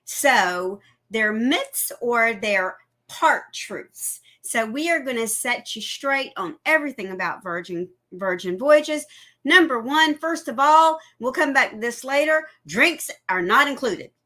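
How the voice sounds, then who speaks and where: A woman's voice: a little high, animated, a little slow, pushed and bright. A woman co-hosting a casual live stream, chatting plainly about a trip. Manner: chatty, laughs along, explains plainly. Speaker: co-host of cruise live stream.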